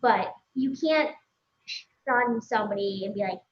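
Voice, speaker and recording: A woman's voice: medium pitch, expressive, measured pace, roomy sound, muffled recording. A woman with a Minnesotan accent, a guest on a live show, chatting candidly with lots of giggles and swearing. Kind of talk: casual live-stream chat. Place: by a pool.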